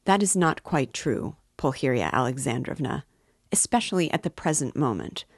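A woman's voice: extremely low pitch, sing-song, normal speed, husky, dry recording, studio quality, full character voice. A woman reading the part of a pompous, sarcastic middle-aged male suitor in a lofty tone.

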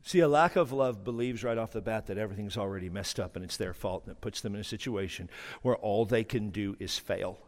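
A middle-aged male pastor preaching a sermon to his church, with humorous, animated storytelling and teasing of the congregation, recorded on a stage mic. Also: lowish voice, brisk, few pauses. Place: church sanctuary. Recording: reverberant church hall.

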